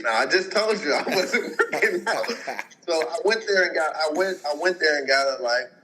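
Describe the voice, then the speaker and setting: A man's voice: mid-range voice, sharp tone, low-quality recording. A man in his twenties, a podcast guest, telling a long personal story in a rambling way, full of filler words and acted-out quotes from other people. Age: 20s. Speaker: podcast guest, pro football player. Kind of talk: casual storytelling.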